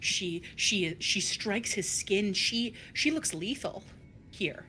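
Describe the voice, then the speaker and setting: A woman running a tabletop game as dungeon master, narrating in a hushed voice that often drops to a whisper. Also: mid-range voice, lively intonation, slow, slight background noise.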